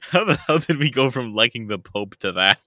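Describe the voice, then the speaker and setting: A man's voice: medium pitch, very animated, moderate pace, sharp tone, slight background noise. A man co-hosting a casual chat, mocking the others and laughing often. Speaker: podcast co-host.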